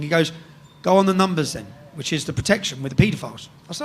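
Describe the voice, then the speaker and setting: English man, higher-pitched, casual animated storyteller, salty language, checks in with "yeah?". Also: rapid-fire. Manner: swears freely, keeps tagging sentences with "yeah?". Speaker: guest storyteller.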